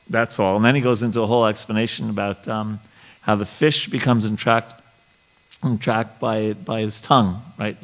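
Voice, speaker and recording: Low gravelly guy leading a scripture class, halting and full of ums, stops to read passages out. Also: dull audio. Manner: halting, with frequent fillers and restarts; reads scripture passages aloud and explains them. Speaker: study class leader. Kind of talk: scripture study class with reading and commentary.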